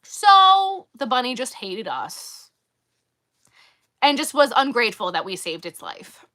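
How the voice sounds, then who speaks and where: A woman vlogger casually telling a story in an animated, exasperated way. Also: a little high, measured pace. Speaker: crochet vlogger.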